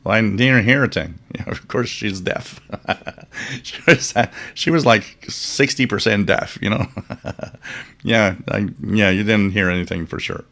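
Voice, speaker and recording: Deep-voiced man chatting casually. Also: slow pace, vocal fry, a bit bright. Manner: rambling anecdotes with chuckles and fillers. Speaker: live stream host reading viewer comments. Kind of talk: casual chat.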